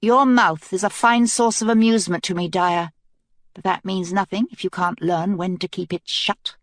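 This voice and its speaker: A woman's voice: medium pitch, steady tone, normal speed, no room sound, natural voice. A woman voicing a determined young queen in an audiobook, speaking earnestly and with command.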